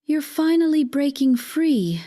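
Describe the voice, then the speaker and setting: A woman voicing a manipulative female therapist who speaks softly and condescendingly in a calm, soothing manner. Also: high-pitched, unhurried, pitched above the performer's own voice. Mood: coaxing.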